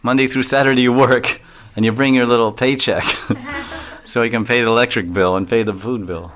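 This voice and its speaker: A man voicing an elderly male spiritual master who gives brisk, matter-of-fact orders in a raised voice during a lecture. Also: medium pitch, steady tone, fairly bright tone, lightly acted, poor audio.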